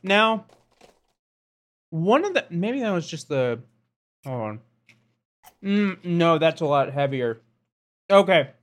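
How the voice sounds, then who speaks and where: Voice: medium pitch, sing-song, slow pace, long pauses. Chatty laughing podcast co-host. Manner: chatty, laughs often, agreeable fillers. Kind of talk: casual snack-tasting chat.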